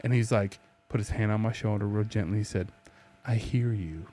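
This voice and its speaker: Profane, animated male podcast host. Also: fairly low pitch, quick pace, a little hiss or hum. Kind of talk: casual chat.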